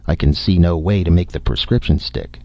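A man reading the part of a gruff, teasing family doctor with folksy speech, in a deep voice. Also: brisk, mellow, no room sound, muffled recording.

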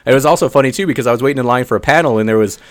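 A man co-hosting a podcast, telling stories in a rambling, excitable way with lots of fillers. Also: medium pitch, racing, no echo. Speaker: podcast co-host. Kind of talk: casual chat, storytelling.

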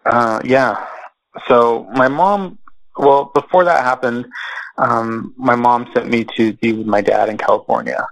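A man as an interview guest, telling a personal family story in a slow, measured way with many pauses and fillers. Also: medium pitch, gravelly, no room sound, rough recording.

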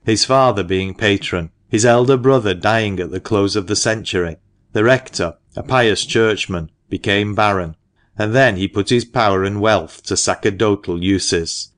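Low-voiced man narrating an audiobook. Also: moderate pace, a bit bright.

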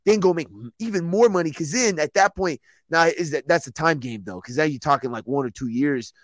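A man's voice: on the high side, fairly quick, no room sound. A man co-hosting a podcast, chatting loosely with lots of swearing and laughter. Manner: loose, profane, laughing banter. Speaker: podcast co-host. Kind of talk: casual chat.

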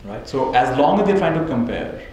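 A man's voice: medium pitch, expressive, moderate pace, darkish tone. A man teaching a live audience as a spiritual teacher, telling stories, chuckling often and checking in with "right?". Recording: very echoey hall, faint noise.

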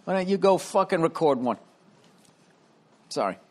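Loud, profane middle-aged man ranting. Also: on the high side, lively intonation, normal speed. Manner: profane, loud, easily sidetracked. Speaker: podcast host. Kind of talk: rambling comedic monologue. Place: room at home.

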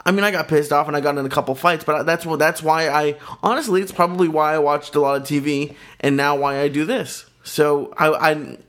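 Hesitant man with a slightly high voice. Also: fairly even intonation, brisk, few pauses, fairly bright tone. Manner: hesitant, many fillers and restarts. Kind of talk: casual chat.

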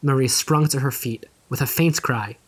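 A man reads an old novel aloud at a middle pitch. His storytelling is measured and even, in the steady manner of an audiobook. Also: breathy edge. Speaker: narrator. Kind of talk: audiobook narration.

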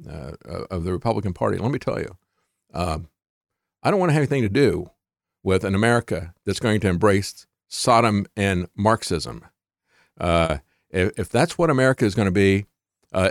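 A man's voice: on the low side, dry recording, clean studio sound. A man hosting a talk show, giving emphatic opinionated commentary with sarcastic asides.

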